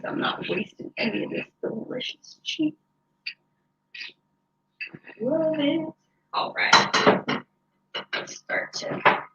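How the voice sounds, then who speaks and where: A woman's voice: on the high side, gravelly, a bit bright. A woman hosting a cooking show, chatting casually and joking as she works through a recipe in her home kitchen, with a lot of "like" in her speech. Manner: chatty, jokey, peppered with "like". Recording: echoey, slightly dull home recording.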